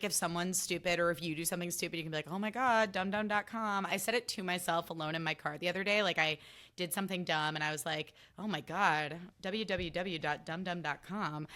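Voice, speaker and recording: A young woman hosting her own podcast, chatting casually in an animated, sassy, self-mocking way. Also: on the low side. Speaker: podcast host. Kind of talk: casual solo podcast chat.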